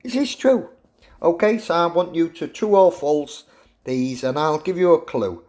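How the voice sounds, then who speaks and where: A man's voice: a little high, lively intonation, normal speed, a little mellow. A middle-aged man, a university professor giving a jokey, teasing lecture to his students. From England.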